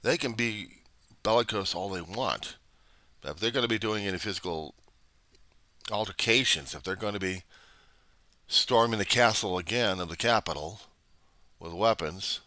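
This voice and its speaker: A man's voice: deep voice, bright, forceful tone, dry recording. A man giving a political commentary monologue in an argumentative way, full of rhetorical questions. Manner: argumentative, rhetorical questions, acts out both sides. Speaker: vlogger.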